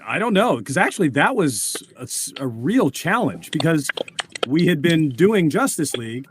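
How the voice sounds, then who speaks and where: A man voice actor chatting on a video call. His voice sits high and swings widely, and he playfully shifts it while he talks. A faint hiss sits beneath him. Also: big pitch swings, normal speed. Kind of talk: casual chat.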